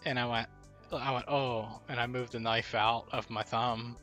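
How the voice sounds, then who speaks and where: A man's voice: mid-range voice, level tone, normal speed, sharp tone, soft background music. A man in his twenties casually telling a story about himself in a wry, self-deprecating way. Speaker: co-host of gaming stream.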